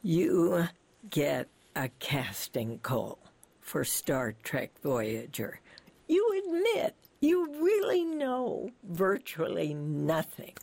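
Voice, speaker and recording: A woman hosting a radio interview, asking questions in a slow, deliberate and gentle way. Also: deep voice, very animated, vocal fry, dry recording. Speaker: radio host.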